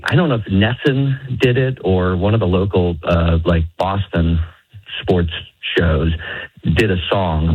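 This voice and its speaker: A man's voice: low-pitched, husky. A man calling in to a radio show, rambling and hesitant as he tells his story. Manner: meandering, hesitant with fillers. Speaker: caller. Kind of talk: rambling phone-in call. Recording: tinny phone line.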